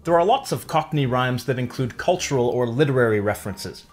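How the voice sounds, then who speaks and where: A man narrating a scripted language lesson, explaining clearly and stretching example words out slowly. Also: medium pitch, expressive, soft background music. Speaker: language teacher.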